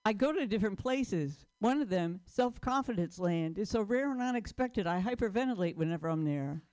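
A woman's voice: medium pitch, animated, fairly quick, a little mellow. Woman, stand-up comedian, rambling, self-deprecating, live stage set. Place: stage before a live audience.

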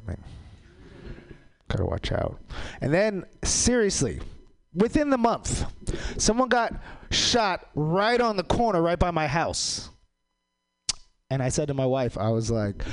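A man doing a stand-up comedy set, delivering deadpan one-liners with sudden jumps into a loud, high voice. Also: measured pace, vocal fry, dry recording. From Caribbean islands heritage.

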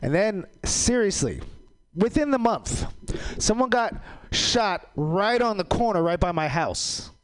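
A young adult man performing a stand-up comedy set, delivering deadpan one-liners that break into loud, high-pitched outbursts. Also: measured pace.

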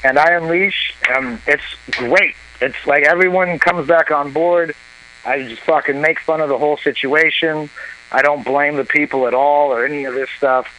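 A man telling a long comic story on a talk show, animated and profane, acting out what others said. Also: fairly high pitch, moderate pace, low-quality recording. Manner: animated, profane, acts out quoted voices. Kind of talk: casual storytelling.

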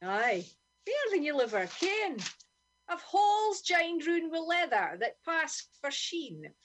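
A woman's voice: very high voice, big pitch swings, slow, a bit bright, slight background noise, heavily acted. A woman voicing a weary, humble homeless man in his fifties, speaking in a broad Doric Scots accent. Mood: pleading. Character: homeless middle-aged tramp, weary and humble.

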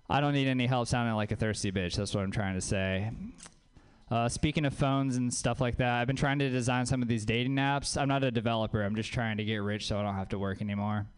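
A man's voice: mid-range voice, fast talker, clear, resonant tone. A man from Louisiana doing a stand-up comedy set on a club stage, dry and self-mocking, with crude asides.

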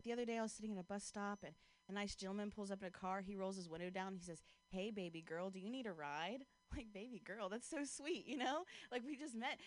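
A woman doing a casual stand-up set outdoors on a street corner, leaning on "like" and laughing at her own jokes. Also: medium pitch. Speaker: stand-up comedian. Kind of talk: stand-up set with crowd work.

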